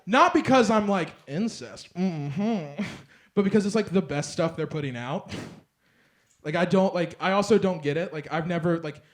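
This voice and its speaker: A young man performing a stand-up set on a club stage, rambling through a story with lots of fillers and bursts of loud acted-out lines. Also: high-pitched, brisk. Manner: rambling storyteller, filler-heavy, swings loud when acting out others. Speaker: stand-up comedian. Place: comedy club stage with laughing audience. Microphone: handheld stage mic.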